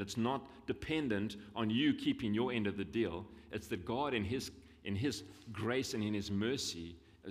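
A man with a South African accent preaching a sermon in a conversational style, repeating his points for emphasis. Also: medium pitch. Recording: long hall reverb.

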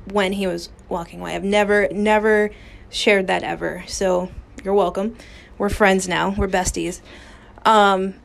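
A woman's voice: mid-range voice, creaky. A woman hosting a podcast, telling a personal story in a candid, raw way with casual swearing and many fillers, recorded on a phone in a small booth. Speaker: podcast host.

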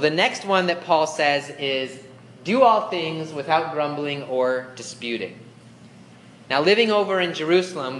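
A man's voice: medium pitch, a bit bright, a little hiss or hum. A young man giving a casual, conversational sermon to youth and sometimes acting out whiny complaints. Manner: casual, conversational preaching with fillers; acts out whiny grumbling voices. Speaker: youth pastor. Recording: echoey room with faint ambience.

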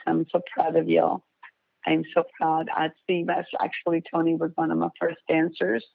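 Heard over a tinny phone connection with no echo, this older woman has a low voice with vocal fry. She directs folk dance and, as a guest on a casual radio program, tells long, proud, warm stories that wander.

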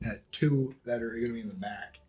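A man's voice: mid-range voice, a little fast, loud music behind the voice. A man playing a tabletop game, laid-back and crude, joking and counting dice rolls. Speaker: player.

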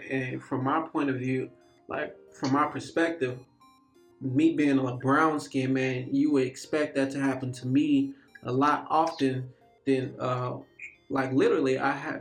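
A man co-hosting a casual podcast chat, mostly giving short, supportive replies. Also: mid-range voice.

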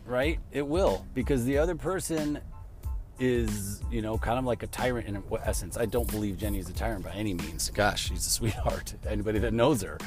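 A man's voice: mid-range voice, a little mellow. Rambling man podcasting from his car. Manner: rambling, conversational, laughs easily. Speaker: podcast host. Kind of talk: casual chat while driving to work.

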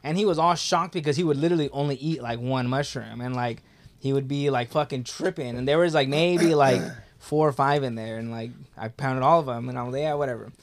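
A man's voice: medium pitch, brisk. A young man telling a story in casual talk, laid-back and profane, with lots of filler words.

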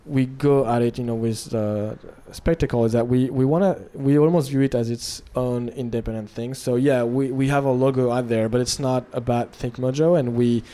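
A man with a warm, mellow voice talks through his ideas in a relaxed interview. He pauses and restarts often as he thinks aloud. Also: mid-range voice. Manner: thoughtful, hesitant, with frequent restarts. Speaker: studio founder. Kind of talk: casual interview conversation.

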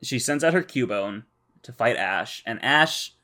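A man's voice: medium pitch, animated, unhurried, bright, forceful tone. Nerdy, detail-minded male podcast co-host. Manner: nerdy, detail-focused recapping. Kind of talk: casual podcast chat.

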